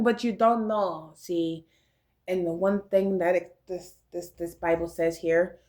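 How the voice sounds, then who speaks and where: A woman's voice: medium pitch, moderate pace. A woman vlogger in a loose monologue, preachy and defiant, drifting between half-sung lines and plain talk. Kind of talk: improvised sung and spoken monologue.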